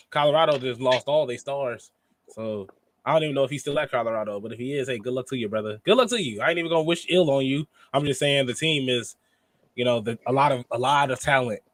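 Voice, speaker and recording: A man's voice: mid-range voice, no room sound. A man co-hosting a wrestling review podcast in rambling, slangy casual chat. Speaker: podcast co-host.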